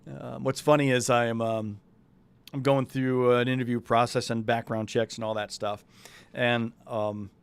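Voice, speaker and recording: A man's voice: medium pitch, level tone, measured pace, gravelly, clean tone, no echo. A man from New England hosting a weather show, talking loosely and chattily and thinking aloud as he walks through the forecast. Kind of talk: casual live weather talk.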